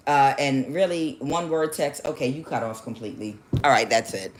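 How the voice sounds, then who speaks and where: A woman giving a casual tarot reading, animated and sassy, laughing often and calling the listener child. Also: a bass voice, normal speed, few pauses, a little hiss or hum. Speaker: tarot reader.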